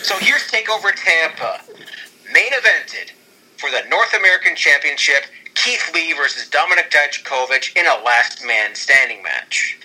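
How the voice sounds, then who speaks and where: A man in casual chat, excitedly rambling through an imagined storyline with many restarts. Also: fairly high pitch, normal speed, breathy edge, rough recording. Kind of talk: casual fantasy-booking chat.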